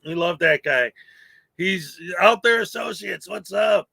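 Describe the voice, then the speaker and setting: A man's voice: high-pitched, animated, unhurried, vocal fry, bright, forceful tone, dry recording. A man hosting a morning livestream, cheerfully greeting chat viewers by name in casual talk. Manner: upbeat, greets viewers by name, laughs often. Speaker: livestream host. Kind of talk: casual live chat shout-outs.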